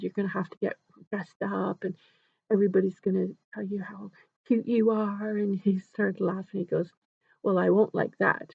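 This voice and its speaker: Gentle husky-voiced woman telling a story. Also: mid-range voice, dry recording. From Canada. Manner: gentle, often drops to a hushed near-whisper. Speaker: nurse and grief educator. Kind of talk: storytelling a case study. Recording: dry, dull lo-fi recording.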